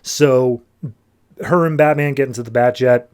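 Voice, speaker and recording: Brief: male podcast host, middle pitch, rambling casual recap with quick voices. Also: steady tone, darkish tone, smooth. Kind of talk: casual comic book recap.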